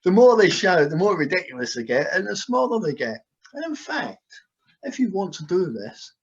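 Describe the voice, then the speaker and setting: Man, hypnotist, slow repetitive suggestions, fairly high voice, muffled lo-fi video call sound. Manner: soothing, repetitive trance suggestions. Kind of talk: guided hypnosis session. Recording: dull, lo-fi video call audio.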